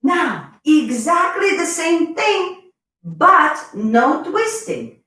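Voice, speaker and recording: A woman's voice: extremely high pitch, very animated, extremely slow, bright, forceful tone, echoey room, low-quality recording. A woman teaching a live online dance lesson, chatty and bubbly, counting the beats aloud as she goes. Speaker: dance instructor.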